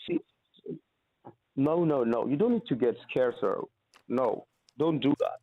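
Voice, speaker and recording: A man's voice: medium pitch, sing-song, a little slow, no room sound. A man on a phone call who keeps insisting and reassuring, repeating himself to take control of the conversation. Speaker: phone scammer. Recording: tinny phone line.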